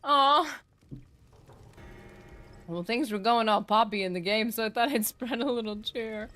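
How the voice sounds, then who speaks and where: A woman's voice: fairly high pitch, unhurried, a bit bright. Chatty woman gaming streamer. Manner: chatty, playful, rambling. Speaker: game streamer. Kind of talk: live gaming stream chat.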